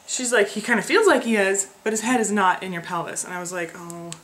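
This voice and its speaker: A woman's voice: mid-range voice, fast, a bit bright, a little hiss or hum. A young woman casually vlogging, chatty and frustrated, laughing often. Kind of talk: casual pregnancy vlog.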